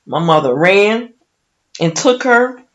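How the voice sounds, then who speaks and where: A woman's voice: mid-range voice, lively intonation, slow. A middle-aged woman from Chicago giving a heartfelt, emotional Mother's Day tribute on the radio, with folksy asides and scripture. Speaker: radio guest speaker.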